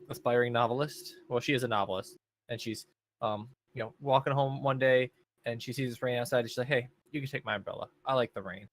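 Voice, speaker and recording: A man's voice: medium pitch, a little hiss or hum. A young man on a podcast, casually recapping an anime in a rambling, laid-back way with plenty of fillers. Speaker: podcast co-host. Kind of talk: casual chat.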